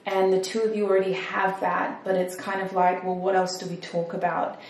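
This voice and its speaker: A woman's voice: medium pitch, level tone, normal speed, distant mic. A woman giving a casual, chatty tarot reading, thinking aloud and poking fun at herself. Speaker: tarot reader. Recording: roomy echo, mic set back, faint noise.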